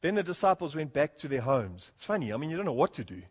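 A man's voice: on the high side, sing-song, fast talker, husky. A man preaching an earnest expository sermon, often rising to emphatic points and chuckling between them. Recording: long hall reverb.

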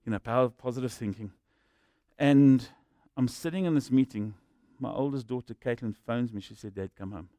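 A middle-aged man preaching a sermon, telling stories that swing from hushed to shouting. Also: medium pitch, normal speed, no echo. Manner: storytelling, swings from quiet to shouting. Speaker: pastor.

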